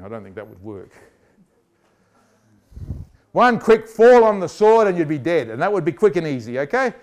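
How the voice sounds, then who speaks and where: A male preacher delivers a sermon with animated storytelling. He keeps asking his listeners questions, and his voice sits high for a man.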